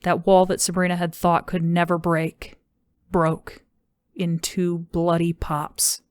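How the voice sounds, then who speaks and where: Low, even-toned woman narrator. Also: slow, smooth, no room sound, studio quality. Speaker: audiobook narrator. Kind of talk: scripted narration.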